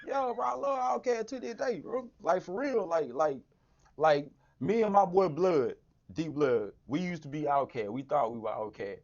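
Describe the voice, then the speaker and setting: A man in casual chat, animated, who keeps saying "right, right" and "you know what I'm saying.". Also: on the high side, normal speed. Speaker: podcast host. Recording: dull lo-fi audio.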